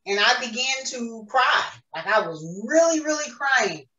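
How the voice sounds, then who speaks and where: A woman's voice: a little high, lively intonation, measured pace, sharp tone. A woman giving an earnest, emotional personal faith testimony as a podcast guest. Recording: roomy echo, distant mic.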